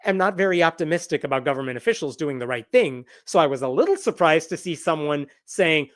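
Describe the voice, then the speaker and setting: A man's voice: on the high side, animated, quick pace, hardly any pauses. An American man hosting a casual livestream news roundup, chatty and sarcastic. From United States. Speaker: host.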